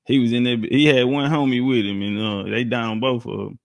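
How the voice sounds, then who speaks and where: A man, talking casually in a halting way with many fillers. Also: mid-range voice, steady tone, creaky. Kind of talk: casual conversation.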